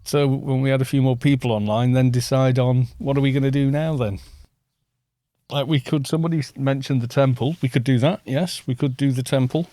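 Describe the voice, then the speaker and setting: A man's voice: medium pitch, steady tone, brisk, mellow, dry recording. A man chatting casually on a live game stream, rambling and musing aloud as he answers chat.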